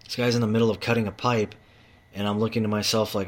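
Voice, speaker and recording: A man's voice: lowish voice, little pitch movement, fast talker. A tradesman ranting in a heated monologue about his job, swearing often and repeating himself. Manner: profane, heated, repetitive. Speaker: manual tradesman.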